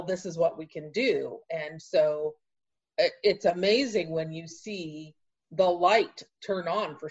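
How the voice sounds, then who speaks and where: A woman host with a low, husky voice answers her guest warmly and encouragingly. The sound is dull and lo-fi. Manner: warm and encouraging. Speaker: interview host. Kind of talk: casual interview chat.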